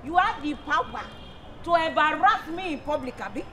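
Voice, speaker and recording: A woman's voice: sits high, animated, moderate pace, noisy background. A woman playing a brash, boastful woman politician. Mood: threatening. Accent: Nigerian. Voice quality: brash, bossy, threatening. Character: boastful corrupt woman politician, grand and bossy. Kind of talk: stage play skit.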